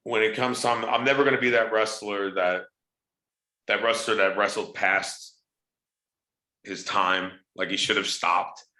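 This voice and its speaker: Low, punchy male wrestler-actor, lively storyteller, roomy echo. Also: a little slow, long pauses. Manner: animated storyteller, acts out quoted voices. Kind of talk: casual interview chat.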